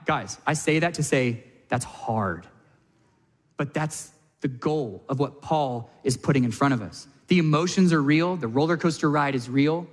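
A man preaching in a church sanctuary, his voice sitting a little high for a man. He talks animated and conversational, acting out the people he quotes. A long reverb hangs on each phrase in the big hall. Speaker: pastor. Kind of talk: sermon.

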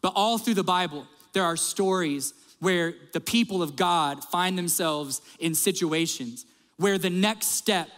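A middle-aged man preaches, telling his story with animated, conversational energy and talking straight to the listeners. His voice sits high for a man. The sound carries the long tail of a large hall. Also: unhurried. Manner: animated, conversational, addresses the congregation directly. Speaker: pastor. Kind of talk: storytelling sermon.

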